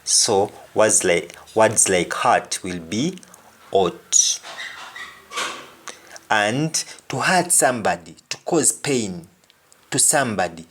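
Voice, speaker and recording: A man giving an explanatory language lesson as a teacher, deliberate and repeating each example phrase twice. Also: fairly low pitch, a bit bright, breathy edge.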